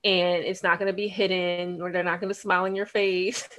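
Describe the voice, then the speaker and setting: A woman's voice: fairly low pitch, flat delivery, fairly quick, fairly bright tone. A woman co-hosting a casual talk show, blunt and candid, laughing as she talks. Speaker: podcast co-host. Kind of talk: casual chat.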